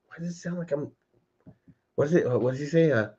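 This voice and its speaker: A fairly high, slightly rough and somewhat mellow voice belongs to this livestream host, who talks a bit fast but pauses often. Loose and chatty, he addresses viewers by name and says "dude" from home, in dull lo-fi audio.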